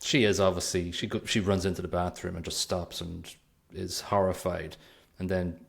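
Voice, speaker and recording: Podcast co-host, male, very low voice with a gravelly edge, dry rambling film recaps. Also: level tone, moderate pace. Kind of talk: casual film review chat.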